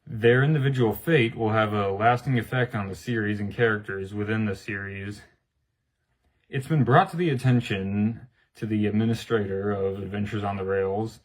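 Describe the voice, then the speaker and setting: A man's voice: on the low side, rough recording. A man, the channel creator, giving a formal, scripted announcement to his viewers. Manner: formal, read-out delivery.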